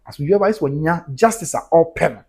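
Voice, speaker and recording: A husky-voiced man hosting a live stream, reading viewer comments aloud and swinging his pitch up and down with a lot of energy. His voice sits a little high for a man, and he slips local words into his English. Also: lively intonation, quick pace, darkish tone.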